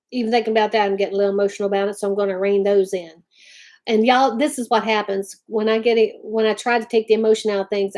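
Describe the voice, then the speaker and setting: A middle-aged woman hosts a live chat, speaking in a somewhat high voice. She talks straight to her viewers, emphatic and heartfelt. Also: a little mellow. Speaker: livestream host.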